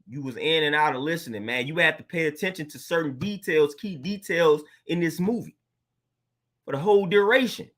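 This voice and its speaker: A man's voice: on the high side, fairly quick, a bit bright. A man giving a casual, earnest motivational talk as a coach, preaching and often calling listeners "man" and "fam".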